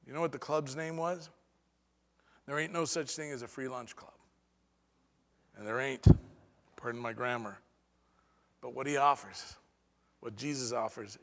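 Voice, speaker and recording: A man preaching a sermon as pastor, with dramatic pauses and sudden swings between soft and loud delivery. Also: mid-range voice, big-room sound.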